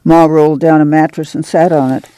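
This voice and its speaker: A man reads an audiobook softly. His voice is fairly high for a man and mellow. The sound is dry and close. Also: level tone, a little fast, clean tone, no echo. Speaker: narrator. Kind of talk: audiobook reading.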